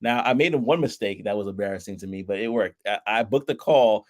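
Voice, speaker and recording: A man's voice: on the low side, a little fast. A man hosting a casual interview, asking questions and sharing his own sales stories in a friendly, conversational way. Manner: friendly, conversational, asks questions with filler words. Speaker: podcast host.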